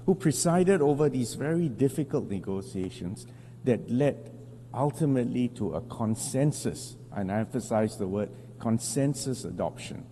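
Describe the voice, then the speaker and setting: Man, formal address, deliberate emphatic pauses, low mellow voice, long hall reverb. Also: a little hiss or hum. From Singapore. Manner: measured, deliberate delivery with emphatic pauses and self-corrections. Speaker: foreign minister. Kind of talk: formal speech at an international assembly. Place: large assembly hall.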